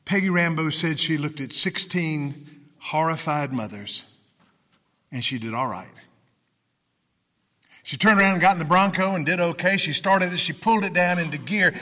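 A man from Memphis tells stories to a crowd in a large hall, and long reverb trails each line. His voice is bright and a touch high for a man. He acts out the people in his stories, dropping to a hush and then climbing loud again. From Memphis, Tennessee. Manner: dramatic, acts out dialogue, swings from loud to hushed. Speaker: motivational speaker. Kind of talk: storytelling speech to an audience.

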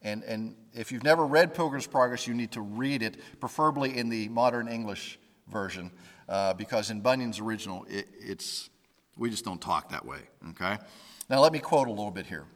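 A man giving a conversational Bible lesson, informal and halting, often stopping to restart his sentences. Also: fairly low pitch, fairly bright tone, in a large hall. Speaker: Bible teacher.

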